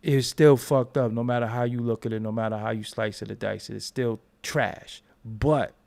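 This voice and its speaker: In a mid-range, creaky voice with a darkish tone, a young commentary vlogger delivers a ranting monologue. His intonation stays fairly even at a normal speed as he curses bluntly and repeats himself.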